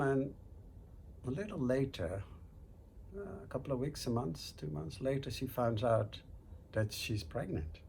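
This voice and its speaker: A man tells a folk tale at a slow, easy pace, chatting to his listeners as host. His voice sits in a middle register, with a faint hiss underneath the recording. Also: mid-range voice, darkish tone. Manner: unhurried, conversational storytelling with fillers. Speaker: storyteller host. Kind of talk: oral folk-tale telling.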